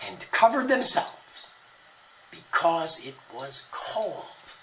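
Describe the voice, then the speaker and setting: A man's voice: on the high side, huge pitch swings, extremely slow, long pauses, pushed and bright, recorded from a distance, a little hiss or hum, poor audio. A man retelling an ancient story as a monologue, with playful wordplay. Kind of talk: retold scripture as a spoken monologue.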